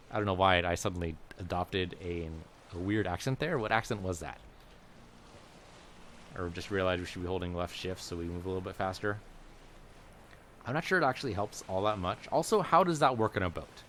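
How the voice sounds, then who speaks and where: A man's voice: low voice, fairly quick, fairly bright tone, slight background noise. A man giving casual, rambling commentary while playing a video game, musing aloud as he goes. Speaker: let's play gamer.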